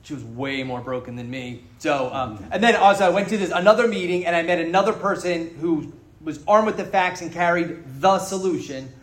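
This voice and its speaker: At a recovery meeting, a man tells his story to the group in a slightly high voice and at a slightly quick pace. He is frank and jokey, and he swears freely throughout this candid personal testimony. The meeting room holds an audience, and the hall's echo makes the sound roomy.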